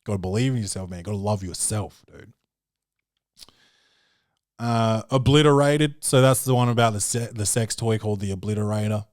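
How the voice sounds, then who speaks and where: A man's voice: fairly low pitch, moderate pace, darkish tone, no room sound, clean studio sound. A man hosting a podcast, riffing in a loose, profane, comedic way and calling the listener dude and man. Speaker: podcast host. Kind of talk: casual comedic review chat.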